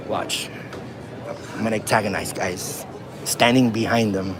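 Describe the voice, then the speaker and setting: Against a noisy background, a first amendment auditor in a livestreamed street confrontation films police on a handheld phone outdoors in a city, speaking in a taunting, provocative, slangy way. His voice is lowish and fairly even, his pace measured, and he pauses often.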